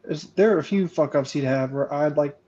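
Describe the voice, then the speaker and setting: A man's voice: fairly quick, a little mellow, lo-fi sound, slight background noise. A man, an author guest, telling funny anecdotes in casual chat, swearing freely and laughing along. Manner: laughing anecdote teller, swears freely, squeaky-voiced impressions.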